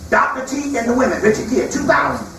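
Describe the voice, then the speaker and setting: A man's voice: extremely high pitch, very animated, fast, a bit bright, soft background music. A man giving a spiritual lecture to a live audience, telling stories in a loose, colloquial way and acting out the people he quotes. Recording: echoey hall from far off, faint noise.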